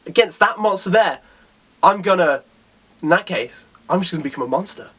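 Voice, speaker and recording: A man voicing an arrogant, ruthless male martial artist in a low, boastful tone while retelling a comic. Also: lively intonation, normal speed, fairly bright tone, husky, exaggerated voice. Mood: menacing.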